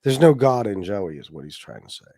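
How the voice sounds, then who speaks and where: A man's voice: fairly low pitch, very animated, brisk, warm tone, dry recording, clean studio sound. A man hosting a casual livestream with a stuffed-up nose, rambling, swearing and reading viewers' chat comments aloud. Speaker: livestream host.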